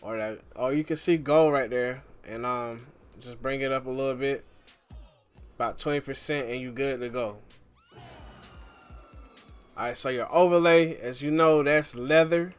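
A relaxed man talks viewers through a game tutorial in an easygoing, chatty way. His voice is smooth and clear at a middle pitch, and faint background music plays under the voice-over. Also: normal speed, pauses often. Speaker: gaming YouTuber.

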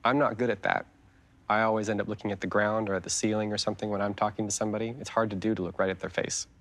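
Gentle man reading to children. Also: fairly low pitch, fairly even intonation, racing. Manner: gentle, chatty, explains and asks kids questions. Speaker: children's author reading his book.

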